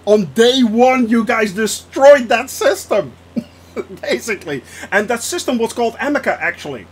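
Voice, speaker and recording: A man's voice: extremely high pitch, expressive, moderate pace, breathy edge. A young man streaming a flight simulator, chatting casually with his viewers and laughing often. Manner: laughs often, reacts to chat. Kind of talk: casual live-stream chat.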